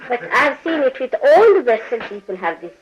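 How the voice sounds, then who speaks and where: A woman's voice: high voice, big pitch swings, brisk, crowd noise, rough recording. Older woman giving a teasing spiritual talk. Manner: teasing, scolding, laughs often, acts out quoted people. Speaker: spiritual teacher. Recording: archival talk recording.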